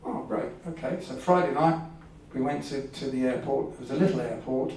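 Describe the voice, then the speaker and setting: A man's voice: medium pitch, brisk, vocal fry, a little mellow. A man telling a personal story at a live event, rambling and anecdotal with hesitations. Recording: echoey hall from far off, faint hum.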